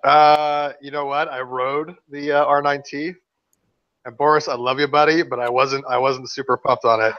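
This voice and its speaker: A man's voice: mid-range voice, flat delivery, moderate pace, a bit bright, lo-fi sound. A man co-hosting a live show, chatting in a laid-back, joking way. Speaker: co-host. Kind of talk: casual banter.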